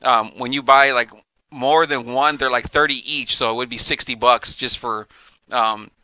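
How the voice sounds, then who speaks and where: A man's voice: mid-range voice, moderate pace, smooth, no room sound, highs cut off. A man co-hosting a podcast, telling a long, profane story in casual chat and acting out the lines of the people in it. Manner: animated, profane, acts out quoted dialogue. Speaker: podcast co-host.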